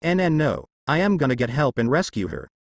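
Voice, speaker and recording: A man's voice: medium pitch, very animated, fairly quick, vocal fry, no echo. A man voicing a brash, lecherous teenage boy who stammers on his first words. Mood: panicked.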